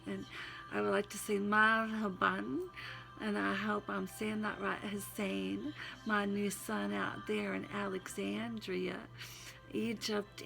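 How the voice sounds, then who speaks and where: An older woman with a Southern accent talks slowly and folksily into her phone, her voice heavily gravelly yet bright in tone. She reads a devotional poem between little sneezes, with faint music behind her. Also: mid-range voice. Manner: chatty, folksy, interrupted by sneezes. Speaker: poetry reader. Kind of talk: casual talk then reading a devotional poem.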